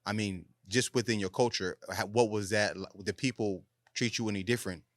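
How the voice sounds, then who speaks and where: Fast-talking host with a low voice. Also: male voice, steady tone, dry recording, studio quality. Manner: curious, asks follow-up questions, casual slang. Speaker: podcast host. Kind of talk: casual interview chat.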